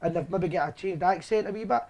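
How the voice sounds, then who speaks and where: A man's voice: sits high, fast, darkish tone. A man with a Scottish accent hosting a live show, jokey and rambling. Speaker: host. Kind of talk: casual live show chat.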